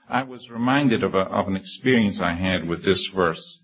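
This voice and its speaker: A man's voice: normal speed, hardly any pauses, slightly rough, muffled recording. A man preaching a sermon, reading scripture and telling a personal story in an earnest, humble manner, often restarting phrases. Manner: earnest, humble, with frequent restarts and emphatic high peaks.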